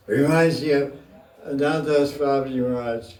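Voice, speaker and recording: Slow, playful man lecturing in an echoey room. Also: medium pitch, a little mellow, slight background noise. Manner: playful, joking, often laughing. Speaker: spiritual teacher. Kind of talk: scripture class talk. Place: room with an audience. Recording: roomy, mic far off.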